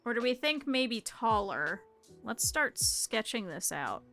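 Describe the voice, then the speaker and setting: Bright-voiced young woman streamer. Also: on the high side, big pitch swings, slow, soft background music. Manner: thinking aloud, addressing chat. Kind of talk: casual live-stream chat while crafting.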